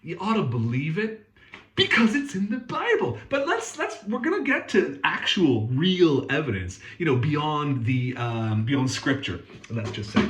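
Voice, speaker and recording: A man's voice: fairly high pitch, big pitch swings, a little slow, fairly bright tone, roomy sound, slight background noise. A man hosting a guitar workshop channel, talking in a casual, sweary, sarcastic and rambling way. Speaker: guitar technician and channel host. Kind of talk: casual ranting demo.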